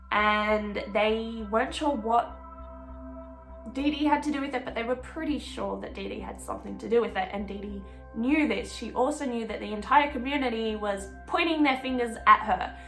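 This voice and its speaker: A woman's voice: fairly high pitch, fairly bright tone, roomy sound. A young woman telling a true crime story in a chatty, emotional way, swearing freely and saying "like" often. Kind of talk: casual storytelling.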